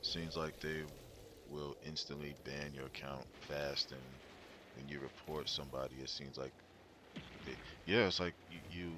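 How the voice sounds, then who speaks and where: A man's voice: very deep voice, steady tone, moderate pace. A man streaming a game live, chatting casually to his viewers in a rambling, stuttering way. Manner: rambling, stuttering, talks to chat. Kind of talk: casual commentary while gaming. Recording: loud game noise behind voice. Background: game sounds.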